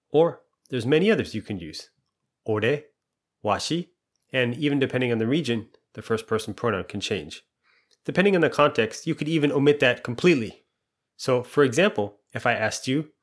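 With patient, clear, step-by-step explanations, this man teaches a language lesson at an even pace, and his pitch stays at a normal middle level. He stops to pose quiz questions, then walks through the answers.

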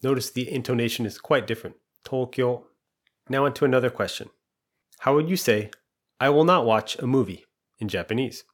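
A man's voice: mid-range voice, a little fast. A man explaining a language lesson patiently and step by step, asking quiz questions and walking through the answers. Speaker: language teacher.

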